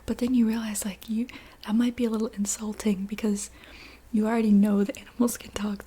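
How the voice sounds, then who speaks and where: A woman leads a whispered role-play story in a breathy, mellow whisper. Her voice sits slightly high. She wanders gently through the scene, pausing often with soft fillers. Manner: soft, meandering, with many fillers and restarts. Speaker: ASMR storyteller.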